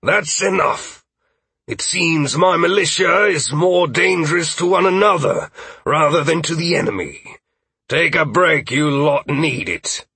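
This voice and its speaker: Man voicing stern male knight trainer, barked commands, raised pitch, husky, dry close sound. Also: a little slow, sharp tone, dry recording, full character voice. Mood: scolding. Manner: barking commands. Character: stern gruff male knight drill instructor. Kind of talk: audiobook narration.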